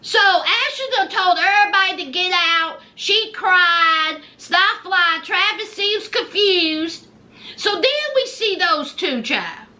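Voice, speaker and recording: A woman giving sassy, animated casual commentary on a reality show, with folksy asides. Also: very high voice, slow.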